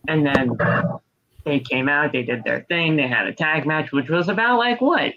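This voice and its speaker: A man co-hosting a podcast, casually recapping a wrestling show with rambling play-by-play and quick impressions. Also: fairly high pitch, expressive, pushed and bright, muffled recording. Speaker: podcast co-host.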